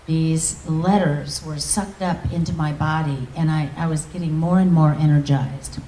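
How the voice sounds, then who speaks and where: Woman preaching a testimony in an echoey hall. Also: deep voice. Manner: emotional, storytelling, softening to near-whisper. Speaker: guest minister. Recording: echoey hall, distant mic.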